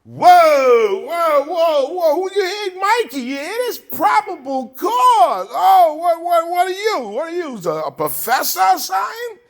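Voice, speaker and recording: A man voicing a loud, mocking New York street cop who shouts in sarcastic, exaggerated disbelief. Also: very high-pitched, big pitch swings, a little slow, few pauses, voice pushed up, heavily acted.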